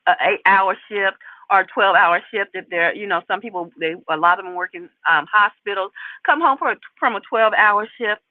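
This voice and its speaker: A woman hosting her own commentary channel, talking straight to her viewers in a casual, animated way and repeating her points for emphasis. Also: on the high side, no room sound. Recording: tinny phone-like sound, dry.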